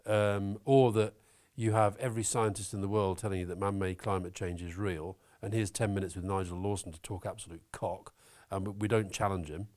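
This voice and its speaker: A man talking as an interview guest, opinionated and animated, swearing now and then. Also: low voice, brisk, few pauses. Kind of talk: conversational interview.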